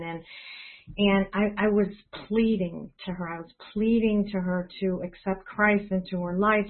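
A woman sharing a church testimony in a casual, hesitant way, full of restarts and fillers. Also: on the low side. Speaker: church member sharing praises. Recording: phone-line audio.

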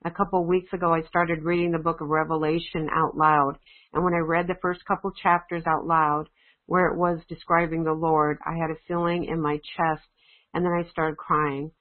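A woman's voice: deep voice, level tone, moderate pace. A woman on a prayer call reading praise reports aloud in an earnest, careful way. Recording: tinny phone-line audio.

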